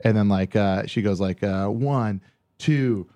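A man's voice: fairly low pitch, normal speed. Rambling, profane man telling stories. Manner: rambling, profane, animated storytelling. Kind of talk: casual comedic chat.

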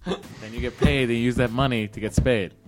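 A man's voice: medium pitch, steady tone, fairly quick, loud music behind the voice. A man co-hosting a podcast, explaining a joke in a mock-earnest way during casual banter. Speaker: podcast co-host.

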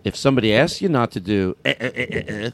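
A man's voice: medium pitch, expressive, quick pace, no room sound. A man, a comedian, chatting casually on a podcast, telling stories animatedly with lots of fillers and restarts.

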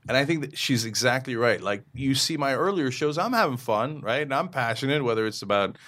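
A middle-aged man telling stories in a casual interview, animated, slipping into funny voices now and then. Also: mid-range voice, a little fast. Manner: animated storyteller who slips into funny voices. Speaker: media company founder and show host, as guest.

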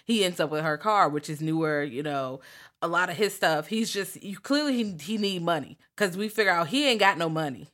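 A woman's voice: lowish voice, lively intonation, brisk, fairly bright tone. A woman co-hosting a podcast, recapping a horror movie in casual slang and jumping into raised voices to quote the characters. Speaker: podcast co-host. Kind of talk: casual movie-review chat.

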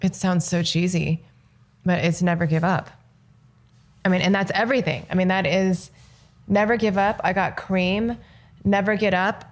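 A woman's voice: fairly low pitch, steady tone, moderate pace, long pauses. A woman from Los Angeles, a filmmaker, telling a story as an interview guest and acting out the dialogue. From Los Angeles, United States.

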